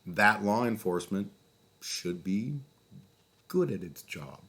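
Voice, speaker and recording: Deep-voiced sardonic man telling stories. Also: slow pace, slightly rough. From Calgary, Canada. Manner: profane, sardonic, animated storytelling with sudden loud outbursts. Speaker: vlogger. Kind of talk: casual storytelling monologue.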